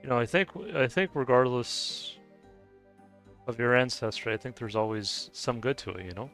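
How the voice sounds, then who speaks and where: Chuckling frequently, a man talks casually with his viewers as he plays a game, rambling and hesitating with lots of fillers and restarts. His voice is medium-pitched and a bit bright at a moderate pace, with soft music in the background.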